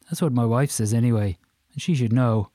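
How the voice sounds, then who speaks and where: A man voicing a stocky, white-haired Irish man in his fifties with an Irish accent, effusive and boastful, talking fast. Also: mid-range voice, dark tone, dry recording, clean studio sound, close to an everyday voice. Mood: boastful chatty. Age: 50s.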